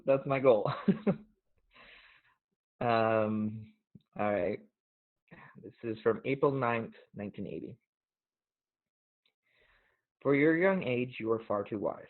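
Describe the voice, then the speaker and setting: Earnest low-voiced man on a tinny line. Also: takes it slowly, pauses often. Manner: earnest, reflective, gently emotional. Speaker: podcast host. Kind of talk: casual talk and reading poems aloud. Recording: tinny phone-like audio.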